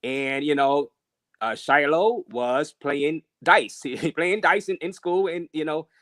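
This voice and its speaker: A man's voice: on the high side, takes it slowly, a bit bright, no room sound, clean studio sound. A man hosting a casual livestream interview, talking loosely to his chat and using many fillers. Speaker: livestream host.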